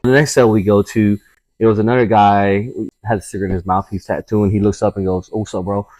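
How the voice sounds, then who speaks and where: A man's voice: fairly low pitch, level tone, fast talker, darkish tone, no echo. A man, a tattoo artist guest, telling a casual story full of swearing and acting out the voices of people he quotes. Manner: profane, acts out quoted voices.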